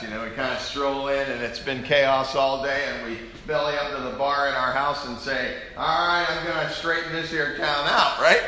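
A male pastor preaching an animated, joking sermon to his congregation in a church. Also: medium pitch, slight background noise. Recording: echoey room.

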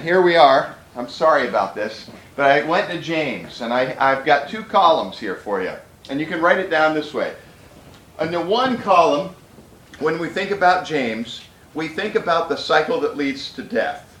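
A man's voice: fairly high pitch, a bit bright, roomy sound, a little hiss or hum, low-quality recording. A man preaching a sermon to a room of pastors, emphatic and conversational, with repeated words for stress.

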